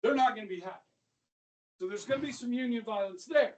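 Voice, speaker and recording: A male high school history teacher giving an animated classroom lecture, talking straight to his students and dropping to a whisper for asides. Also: fast talker, a little hiss or hum. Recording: voice from a distance across a classroom.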